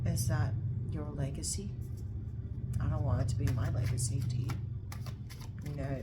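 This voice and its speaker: A woman's voice: sits low, level tone, unhurried, long pauses, very noisy. A woman giving a casual tarot reading to camera, blunt and repetitive, swearing freely as she talks. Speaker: tarot reader.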